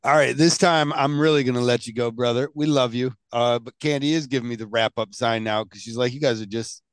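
A man's voice: mid-range voice, steady tone, fairly quick, clean tone, no room sound. A man hosting a podcast in casual chat, joking and teasing his guest and laughing often. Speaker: podcast host.

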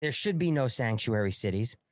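A man's voice: medium pitch, lively intonation, a little fast, no echo. A man hosting a live-streamed political commentary show, ranting and agitated, with heavy profanity, on a close studio mic. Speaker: talk show host.

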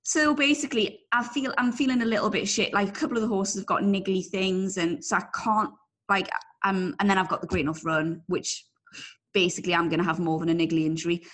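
A woman's voice: medium pitch, fairly even intonation, brisk, fairly bright tone. Woman, thirties, from England, casual podcast chat, self-deprecating, laughing. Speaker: podcast co-host.

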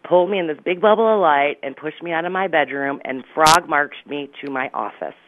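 A middle-aged woman tells a personal story in an animated, dramatic way. She often breaks into laughter. The sound comes through a dull, lo-fi radio recording. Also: low voice, brisk, dry recording. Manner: lively, dramatic retelling with laughs. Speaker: psychic medium guest.

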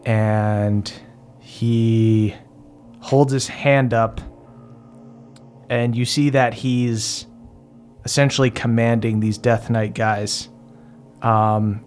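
A man's voice: fairly low pitch, a little mellow. A man narrating as game master of a tabletop game, hesitant, with many ums and uhs.

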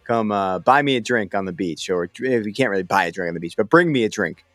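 A man's voice: lowish voice, lively intonation, quick pace, a bit bright, dry recording. A man from the Boston area co-hosting a casual sports podcast, laid-back and rambling, on a close mic. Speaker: podcast co-host.

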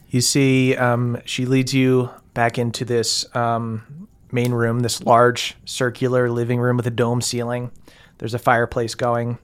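A game master narrating a tabletop game, animated and quick to laugh. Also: mid-range voice.

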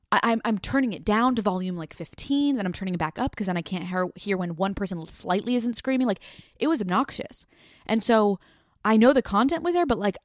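A woman's voice: medium pitch, no echo, clean studio sound. Profane woman venting on a podcast. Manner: candid, profane, rambling venting. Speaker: podcast host. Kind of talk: casual solo podcast rant.

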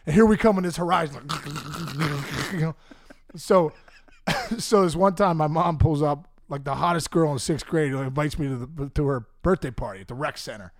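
Gravelly man telling a funny story. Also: a little high, moderate pace, no echo. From Pittsburgh area, US. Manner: animated, laughs often, acts out voices of people in his stories. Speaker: podcast guest. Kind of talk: casual comic storytelling.

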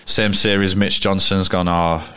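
A man's voice: low voice, level tone, unhurried, pushed and bright, smooth, dry recording. A man in his thirties, a cricketer guest telling anecdotes in a rambling, casual way full of restarts. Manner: rambling, frequent restarts and fillers. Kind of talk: casual storytelling interview.

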